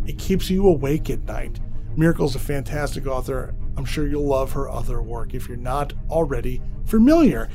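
A man hosts a horror fiction podcast in a relaxed, chatty way, with a voice that sits on the higher side. He trips over his words and pokes fun at himself as he goes. Faint music plays beneath him. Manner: chatty, self-deprecating, stumbles over words. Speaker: podcast host. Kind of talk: casual show introduction.

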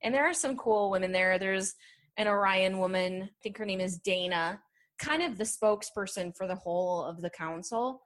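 A woman co-hosts a podcast in an easygoing discussion, speaking at a medium pitch. Her speech is loose and casual, full of fillers and restarts. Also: normal speed, fairly bright tone. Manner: casual, filler-heavy, "like" often. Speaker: podcast co-host.

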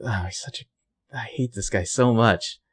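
A young man co-hosting a casual podcast chat recaps a TV episode, acting out the characters' lines as he goes. He speaks at a measured pace in a fairly low voice.

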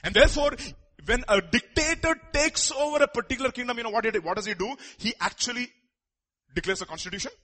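High, husky-voiced male preacher. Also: quick pace, bright, forceful tone. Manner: emphatic, with rhetorical questions and asides; joking with the congregation. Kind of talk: sermon.

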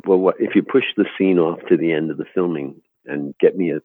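A man's voice: low voice, a little fast, breathy edge, no room sound, phone-quality sound. A man guest telling anecdotes about his acting work in an interview, laughing often and poking fun at himself. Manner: laughing, storytelling, self-deprecating. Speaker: actor guest.

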